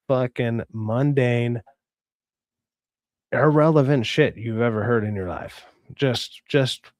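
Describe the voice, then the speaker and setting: A young man hosting a casual livestream reads chat messages and launches into a profane, fed-up rant full of stammered restarts. His medium-pitched voice is a little mellow, and the recording is dry, clean studio sound.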